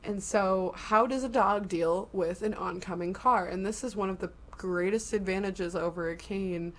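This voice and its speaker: A woman in a casual podcast chat with a middle-pitched voice. She explains things at length and in detail. Her talk is loose and full of "like" fillers. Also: normal speed.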